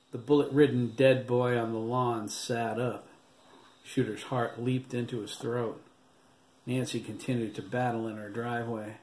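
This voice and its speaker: A man's voice: medium pitch, level tone, a little slow, darkish tone. Man narrating an audiobook in a roomy echo. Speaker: author reading his own novel. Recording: roomy echo, faint background hiss.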